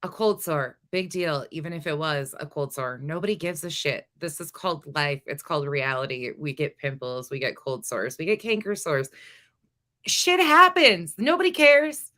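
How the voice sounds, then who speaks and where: A woman's voice: sits low, moderate pace, hardly any pauses. A woman commenting on a clip, blunt and scornful, swearing as she calls out the people in it. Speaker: commentary channel host. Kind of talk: reaction commentary.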